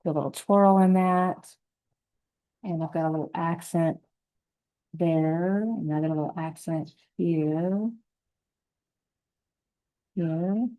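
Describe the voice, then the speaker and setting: Woman painting instructor; warm, low-pitched, relaxed, narrates her brushwork as she goes. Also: poor audio. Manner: gentle, unhurried, thinking aloud while painting. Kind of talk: step-by-step painting lesson.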